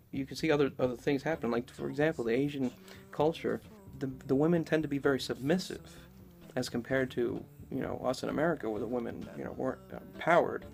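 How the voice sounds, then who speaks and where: A man's voice: mid-range voice, creaky, darkish tone. A man giving a casual, rambling spoken lecture, talking loosely with lots of fillers. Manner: rambling, conversational, many fillers. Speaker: esoteric lecturer.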